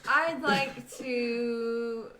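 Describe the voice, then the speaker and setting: A woman's voice: fairly high pitch, fairly even intonation, drawn-out words, pushed and bright, slight background noise. A woman playing a tabletop game with theatrical in-character asides. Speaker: player. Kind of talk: casual tabletop role-play.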